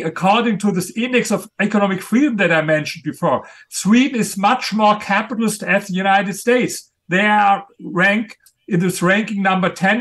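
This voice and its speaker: A man with a high-pitched voice gives a guest interview as an author. He argues in a blunt and assertive way and presses each point home with confidence. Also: a bit bright. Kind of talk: argumentative interview talk.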